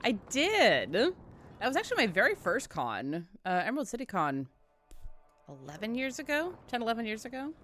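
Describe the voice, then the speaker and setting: A woman's voice: a little high, normal speed, faint music behind. A woman streamer chatting casually while playing a video game. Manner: chatty, relaxed, reminiscing. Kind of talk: casual gameplay commentary.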